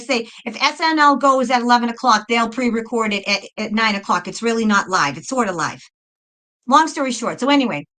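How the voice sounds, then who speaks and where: A woman's voice: on the high side, pushed and bright, low-quality recording. A middle-aged woman tells a personal story in a casual, blunt monologue, swearing often and restarting her sentences. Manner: blunt, profane, repeats and restarts. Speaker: spiritual video host.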